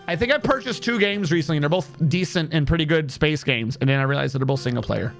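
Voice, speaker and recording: High-pitched young guy, texan twang mixed with new england, rambling stream chat, cussing a bit, quiet music behind. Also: expressive, fast talker, creaky, few pauses. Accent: mix of Texan and New England. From Texas, born in Massachusetts. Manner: rambling, swears casually, answers chat. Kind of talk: casual chat while streaming a game.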